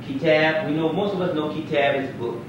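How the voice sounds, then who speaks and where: A fairly high-voiced man, an imam, lectures a class in a relaxed, conversational way and keeps quizzing his students. He is heard from across a very echoey mosque classroom. The recording sounds like dull, muffled 1990s tape with a faint hiss. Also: fairly quick, far from the mic. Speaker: imam teaching Arabic.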